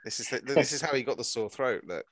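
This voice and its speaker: A man's voice: mid-range voice, expressive, fast talker, crowd noise. A man co-hosting a gaming podcast with teasing, dry banter. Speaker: podcast co-host. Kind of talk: casual gaming podcast chat.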